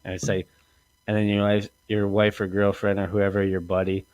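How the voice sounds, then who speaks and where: A man hosting a casual comedy podcast, rambling and crude, acting out quotes in lively voices. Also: lowish voice, normal speed. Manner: rambling, profane, acts out quotes in animated voices. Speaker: podcast host.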